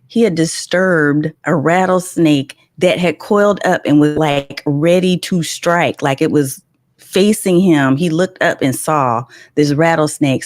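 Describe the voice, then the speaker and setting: Woman, middle-aged, low voice, dry close sound, animated livestream storytelling. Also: no echo. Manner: animated storytelling, greets chat viewers, laughs often. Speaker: livestream host. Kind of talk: casual livestream chat.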